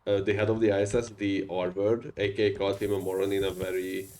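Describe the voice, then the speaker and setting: A man's voice: low-pitched, flat delivery, fast, darkish tone, rough recording. A man with a strong non-native English accent, chatting casually and rambling with many fillers while streaming a game. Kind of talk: casual gaming stream chat.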